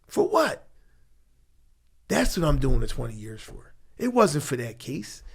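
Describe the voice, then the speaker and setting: A middle-aged man from Philadelphia, a podcast guest telling his story frankly, with rough language, getting loud when angry and dropping quiet when tender. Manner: blunt, profane, emotional; grows loud when angry, drops low and quiet when tender. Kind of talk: candid storytelling interview. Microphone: studio mic.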